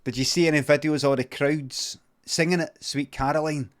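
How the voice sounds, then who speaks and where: A man with a Scottish accent telling an improvised comic story on a livestream, rambling and deadpan with many asides. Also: fairly high pitch, moderate pace. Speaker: comedian and streamer.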